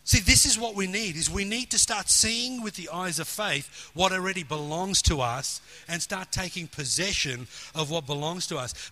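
A man preaching with animated, emphatic storytelling, acting out the lines of the people in his story. His voice sits high and sounds bright and forceful. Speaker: pastor. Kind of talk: sermon storytelling.

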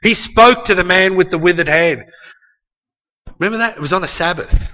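A high, pushed, bright voice carries this man's sermon at a moderate pace before a live congregation. He speaks emphatically, repeating key lines and dramatizing quotes, with the long echo of a large church hall around him.

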